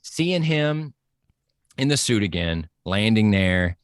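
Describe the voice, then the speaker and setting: A man excitedly discussing a movie, acting out lines and laughing often. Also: on the low side, slow, clean tone, no echo, clean studio sound. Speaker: podcast guest.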